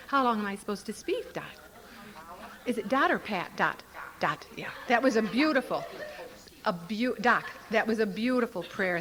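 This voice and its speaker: Speaking for Al-Anon before a live crowd at a recovery convention, this older woman is a lively, playful storyteller with frequent laughter. Her voice is mid-range.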